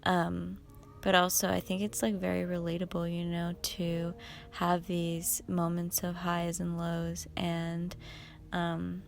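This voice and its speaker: A woman's voice: fairly low pitch, monotone, slow pace, creaky, faint music behind. A young woman chatting to camera in a casual vlog, rambling with lots of "like" and "you know.". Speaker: vlogger. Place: outdoors in a city. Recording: voice a little off-mic, faint street noise.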